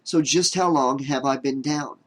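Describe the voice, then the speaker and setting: A man's voice: mid-range voice, normal speed, close to an everyday voice. A man reading a frightened woman just out of cryosleep. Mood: pleading.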